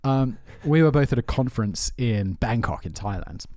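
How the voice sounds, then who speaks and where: A man's voice: mid-range voice, normal speed, no echo. Chatty male podcast host, dry sound. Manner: animated storyteller who trails off mid-thought. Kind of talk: casual chat.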